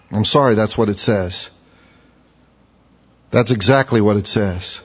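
A man preaching a sermon in an earnest, emphatic way, with long pauses, recorded in a church sanctuary. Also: lowish voice, breathy edge. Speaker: pastor. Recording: dull lo-fi sound with long hall reverb.

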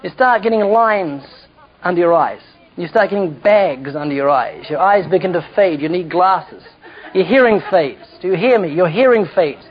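A man's voice: high voice, normal speed. A man preaching a humorous sermon with storytelling, jokey asides and self-mocking slips, heard in a dull lo-fi recording.

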